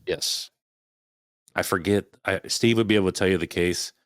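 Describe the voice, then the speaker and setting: A man in his thirties, a podcast guest, telling a frightening personal story in casual, swearing, animated talk. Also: sits low, moderate pace, dry recording, clean studio sound. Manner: swearing, animated retelling of a scary night.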